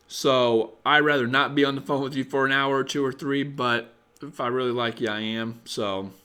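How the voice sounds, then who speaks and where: A man's voice: mid-range voice, a bit bright, clean tone. A tired young man hosting a casual live stream, giving blunt, profane dating advice and chatting with viewers in a rambling way.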